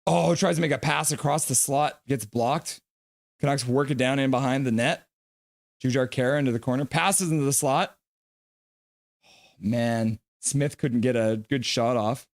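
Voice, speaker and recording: A man hosting a live hockey reaction stream, calling the plays and reading out chat messages in an excitable way. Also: mid-range voice, normal speed, gravelly, no room sound, studio quality. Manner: excitable play-by-play, reads chat aloud.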